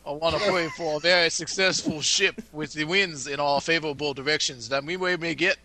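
A man's voice: a little high, fairly even intonation, a little fast, noisy background, close to an everyday voice. A man voicing a hokey male cleric who prays in a drawling, folksy way. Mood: pious.

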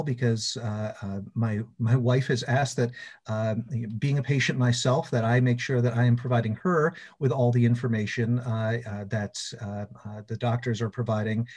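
A man's voice: medium pitch, a little mellow, husky. A man giving opening remarks at an online patient forum over a video call, hesitant with many fillers. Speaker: patient advocacy foundation representative.

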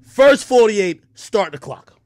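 A man giving loud, laughing reaction commentary, swinging from shouts to low mutters. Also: big pitch swings, slow pace. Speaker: hip hop commentary streamer.

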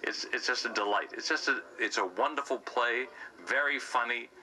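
A man's voice: mid-range voice, moderate pace, bright, forceful tone, rough recording. A man, a stage actor, chatting playfully in a casual interview about playing a villain. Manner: playful, slips into his villain's self-important voice.

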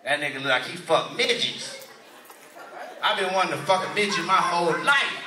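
A male stand-up comedian doing loud, profane crowd work in a church hall venue. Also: high voice, animated, normal speed, background noise. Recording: echoey hall, mic from far.

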